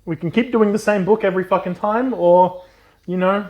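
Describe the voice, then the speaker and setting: Casual, animated man retelling a book. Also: high voice, moderate pace, dull audio. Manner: animated retelling with swearing and silly character voices. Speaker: podcast co-host. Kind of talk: casual book recap chat.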